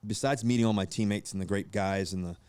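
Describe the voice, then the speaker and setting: A man's voice: fairly low pitch, fast, a little hiss or hum. A man in his thirties from Virginia, a guest telling stories in a casual podcast chat, acting out the voices of people he quotes. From Virginia, USA. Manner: animated, acts out quoted voices, many fillers and restarts. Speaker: guest, pro football quarterback.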